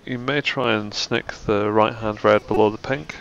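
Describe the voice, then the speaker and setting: Dry-humoured snooker co-commentator. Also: male voice, fairly low pitch, steady tone, moderate pace, fairly bright tone. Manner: dry, joking asides between shot analysis. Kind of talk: live sports commentary. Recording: dull, slightly muffled sound.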